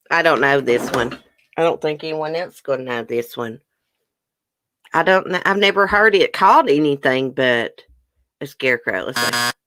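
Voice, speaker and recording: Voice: mid-range voice, fairly bright tone, a little hiss or hum. A livestream host in a casual trivia chat, reading questions aloud and answering viewers' guesses while chewing on a snack. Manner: talks while chewing a brownie.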